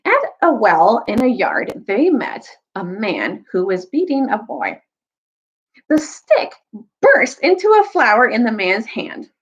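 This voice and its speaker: Brief: young woman, storytime reader, lively kid-friendly delivery, slightly muffled lo-fi sound. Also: takes it slowly, husky. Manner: animated, jumps high for quoted characters. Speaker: storyteller reading aloud to children. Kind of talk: casual storytime recap and read-aloud.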